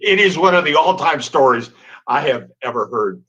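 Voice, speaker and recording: A man's voice: on the high side, animated, normal speed, bright, forceful tone, slightly rough, highs cut off. A man hosting a sports talk show, eagerly prompting his guest to tell a favorite story. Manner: enthusiastic, prompting questions. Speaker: show host. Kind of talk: casual sports interview.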